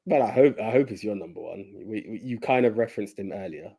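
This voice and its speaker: A man co-hosting a casual podcast, with a warm, mellow tone. He halts and repeats words as he works out his thoughts, and his pitch rises and falls a lot. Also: animated, fast, creaky, husky. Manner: hesitant, repeats words while thinking. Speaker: podcast co-host.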